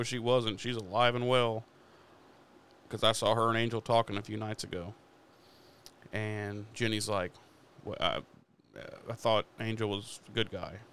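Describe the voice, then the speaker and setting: A man casually retelling a TV episode for a podcast, swearing often and slipping into quick quoted lines. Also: on the low side, a bit bright. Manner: swears freely while retelling episode scenes. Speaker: podcast host. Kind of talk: casual recap chat.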